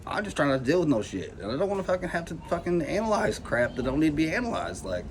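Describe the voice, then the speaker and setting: A man's fairly high, sing-song voice moves at a quick pace as this vlogger rants to camera about anxiety. His casual delivery is full of profanity and rambling, with "like" and "you know" coming constantly. Noisy hiss sits behind him.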